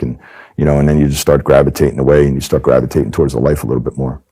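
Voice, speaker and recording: A man with a low voice tells his story candidly in an interview. He talks fast and hammers points home by repeating them. His tone is dark and mellow. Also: steady tone. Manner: emphatic, repeats phrases for stress. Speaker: former undercover agent telling his story.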